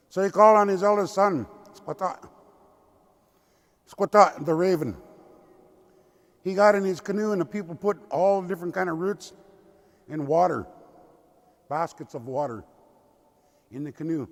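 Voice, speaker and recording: An older man from the Lummi Nation, a tribal elder telling a traditional story in a slow, deliberate way. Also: high-pitched, gravelly. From Lummi Nation, Pacific Northwest. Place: cathedral. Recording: long cathedral reverb.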